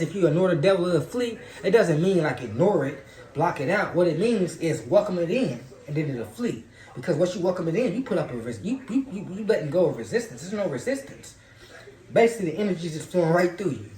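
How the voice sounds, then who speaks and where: Fast-talking man preaching in a roomy space. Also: a little high, a little mellow. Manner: loose, profane, preachy. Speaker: spiritual talk host. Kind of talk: casual spiritual monologue. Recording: roomy echo.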